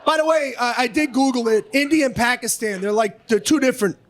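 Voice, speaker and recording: A middle-aged man doing stand-up comedy on a club stage, brash, profane and often shouting. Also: extremely high pitch, fairly quick. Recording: live club audio with background noise.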